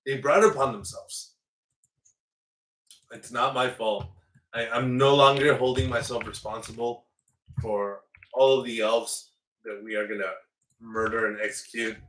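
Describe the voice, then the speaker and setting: A man's voice: medium pitch, fairly bright tone, recorded from a distance. A man hosting a strategy game playthrough in casual commentary, slipping into playful mock outrage as his ruler. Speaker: let's play host. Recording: roomy echo, away from the mic.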